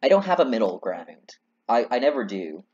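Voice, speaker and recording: A man's voice: medium pitch, big pitch swings, moderate pace, a little mellow, breathy edge, muffled recording. A man giving casual, rambling and self-deprecating commentary while playing a game. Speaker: let's play gamer. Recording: synth game music behind. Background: synthesizer music.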